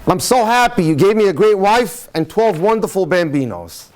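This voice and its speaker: A man's voice: high voice, very animated, moderate pace. A man putting on a beaming Italian ex-con. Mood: overjoyed. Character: overjoyed Italian ex-prisoner, a father.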